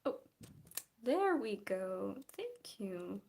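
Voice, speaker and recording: Her mid-range voice is sing-song, a little mellow, and extremely slow, with slight background noise. She's a vlogger from Belarus with a Belarusian accent, first language Belarusian or Russian, chatting casually while drawing and answering live chat, often restarting sentences.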